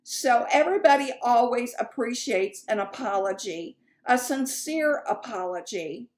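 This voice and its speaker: A woman's voice: on the high side, lively intonation, a little slow. A woman sales coach teaching in a chatty, candid way, with fillers and asides. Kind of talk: casual teaching talk.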